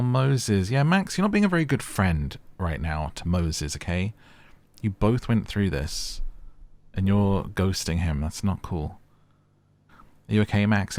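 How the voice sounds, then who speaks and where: Deep-voiced man reading game texts aloud. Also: a little mellow. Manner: reads in-game texts aloud between casual remarks; chatty, uses "like" a lot. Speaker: gaming YouTuber. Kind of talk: let's play commentary.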